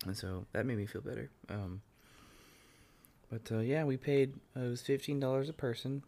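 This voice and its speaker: A man's voice: mid-range voice, steady tone, moderate pace, vocal fry, dark tone. A man, co-hosting a podcast, talking in a laid-back, slangy way with dry asides. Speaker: podcast co-host. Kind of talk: casual chat.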